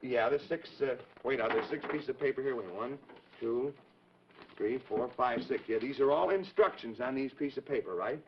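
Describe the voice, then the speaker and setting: A man's voice: medium pitch, moderate pace, a little hiss or hum. A man hosting a live children's TV show, genial and a little fussy as he talks to the kids. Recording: dull 1950s TV broadcast audio.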